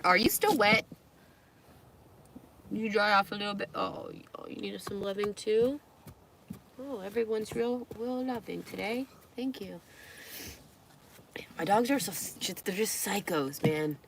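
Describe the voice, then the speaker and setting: A woman's voice: medium pitch, measured pace, long pauses, a bit bright, slight background noise. A woman live streaming, chatting casually and talking to her dogs, with squeamish outbursts.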